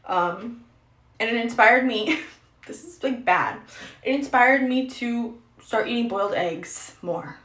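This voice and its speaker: A woman's voice: fairly high pitch, takes it slowly, fairly bright tone, echoey room, rough recording. A young adult woman streaming a casual get-ready-with-me chat, rambling and self-deprecating.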